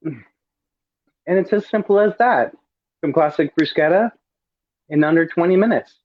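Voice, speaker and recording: A man's voice: fairly high pitch, moderate pace, no room sound, phone-quality sound. A man giving a campy, chatty cooking demonstration over a video call, savoring each bite aloud. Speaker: drag performer cooking on a livestream.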